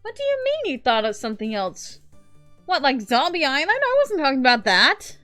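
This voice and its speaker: A woman giving casual, chatty commentary while playing a game, often getting excited and animated. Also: high-pitched, normal speed, dry recording, soft background music. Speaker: game streamer.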